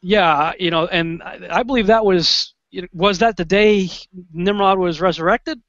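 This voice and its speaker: A fairly high-voiced man talks as a guest, telling his story with excited energy and quick restarts. The sound is dull and lo-fi, with no room in it. He acts out his own reactions as he goes. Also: no room sound. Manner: animated, excitable, with restarts and quoted asides. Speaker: interview guest. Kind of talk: conversational storytelling.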